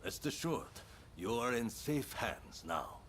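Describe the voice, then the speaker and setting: An actor playing a calm, courteous male swordsmanship instructor in a video game, speaking in a measured way. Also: mid-range voice, a little hiss or hum. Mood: composed.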